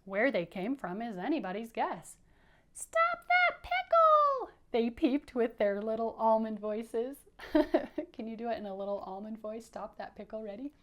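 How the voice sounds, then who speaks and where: A woman teacher reads aloud to children in a playful, coaxing way, inviting them to repeat lines after her. Her voice is a little high and warm, moving at a moderate pace.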